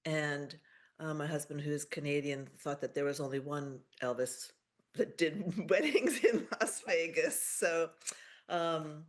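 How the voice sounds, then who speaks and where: A middle-aged woman giving a heartfelt personal remembrance over a video call, halting and pausing often. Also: low voice. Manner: halting, with many pauses and fillers. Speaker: memorial speaker.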